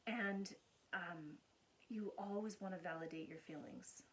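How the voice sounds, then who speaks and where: An earnest woman counselor speaks casually to camera, walking through everyday examples. Her voice sits a little low, with a faint hiss underneath. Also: a little slow. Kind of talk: casual explanatory talk to camera.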